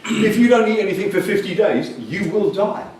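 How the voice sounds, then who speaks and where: Man, conference speaker, lively swooping voice, fairly high, far off in a very echoey hall, faint hiss. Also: moderate pace. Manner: animated, jokey and blunt, with sudden loud bursts. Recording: distant echoey hall recording with faint noise.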